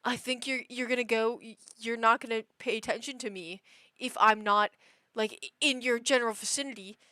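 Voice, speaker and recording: A woman's voice: a little high, steady tone, fairly quick, bright, forceful tone, dry recording. A woman voicing her clingy, curious female house cat, speaking in a chatty, lightly needy way.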